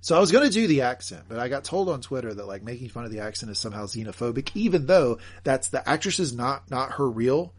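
A man co-hosting a podcast and recapping an episode in casual chat, animated, joking and emphatic. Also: medium pitch, fast talker, hardly any pauses, breathy edge. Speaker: podcast co-host.

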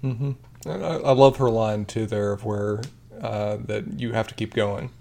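A man's voice: lowish voice, fairly even intonation, a little slow, creaky, warm tone. Easygoing, appreciative male podcast co-host. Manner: easygoing and appreciative, reads quotes aloud. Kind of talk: casual chat ranking favorite lines from a TV drama.

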